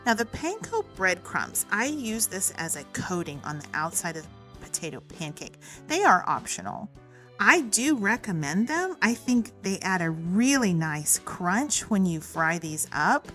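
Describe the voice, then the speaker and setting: A woman's voice: medium pitch, sing-song, a little slow, fairly bright tone. A woman, hosting a recipe tutorial in a friendly, upbeat instructional manner. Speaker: cooking channel host. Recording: faint music behind.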